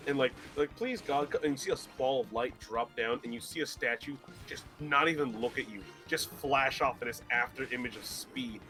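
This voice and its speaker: A podcast co-host with a middle-pitched voice, laughing often and telling comic bits. He sometimes jumps into loud acted voices. Faint music plays under him. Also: moderate pace, hardly any pauses. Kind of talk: casual gaming podcast chat.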